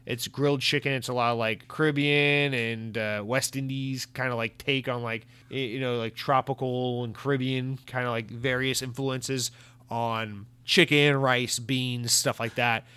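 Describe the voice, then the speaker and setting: An American man hosts a casual gaming podcast, rambling along as he reads listener comments and reacts with animated asides. His voice sits at an ordinary middle pitch and is recorded dry and close, with no room sound around it. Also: a little slow, clean tone, dry recording. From United States. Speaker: podcast host. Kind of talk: casual solo podcast chat.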